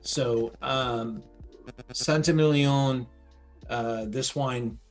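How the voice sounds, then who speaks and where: Slow-talking man hosting a wine tasting. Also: mid-range voice, steady tone, soft background music. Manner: slow, descriptive, uses vivid tasting imagery. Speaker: wine educator host. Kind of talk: online wine tasting talk.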